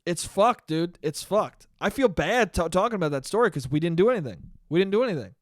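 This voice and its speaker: Hosting a podcast on his own, a man rambles through a story, cursing often and restarting his sentences. His voice is high and animated, a little fast, in a dry recording of studio quality.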